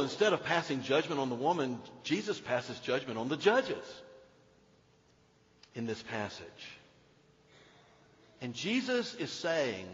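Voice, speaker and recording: A man preaching a sermon as pastor, animated, moving between loud emphasis and hushed storytelling. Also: on the high side, a little slow. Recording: dull sound in a reverberant hall.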